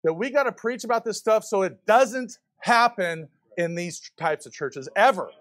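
A man with a notably high voice preaches a fiery sermon to a congregation. He fires rhetorical questions at the pews and pushes his points hard. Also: lively intonation, normal speed, a bit bright. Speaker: visiting preacher. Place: church before a congregation.

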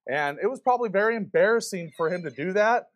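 A man's voice: high-pitched, animated, fast. A man preaching a fiery sermon to a church congregation, firing rhetorical questions at the pews. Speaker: visiting preacher.

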